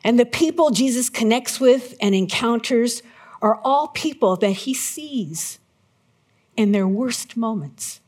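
Woman, middle-aged, pastor, sermon, animated storytelling, somewhat high voice. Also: takes it slowly, husky. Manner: animated storyteller, acts out her own panic in shouts.

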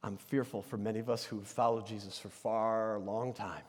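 A man preaching an energetic sermon in a church. He swings between shouting and soft, near-whispered asides, with self-deprecating humor. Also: fairly low pitch, normal speed, big-room sound. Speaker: pastor. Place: church sanctuary.

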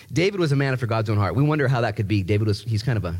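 A man preaching a sermon in a lively, joking way, repeating words and jumping up in pitch to stress a point. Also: very fast, few pauses, breathy edge. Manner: animated, jokey, repeats himself, voice jumps high for emphasis. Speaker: pastor.

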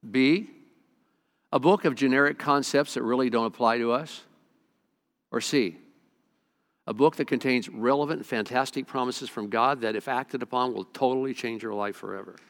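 A man's voice: medium pitch, moderate pace. A middle-aged male pastor preaching a sermon, telling a personal story earnestly, with frequent stammered restarts.

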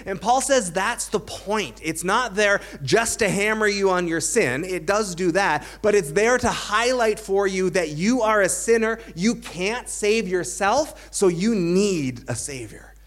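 High-voiced man preaching a sermon. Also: animated, measured pace, hardly any pauses, fairly bright tone. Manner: dry self-aware humor. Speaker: pastor.

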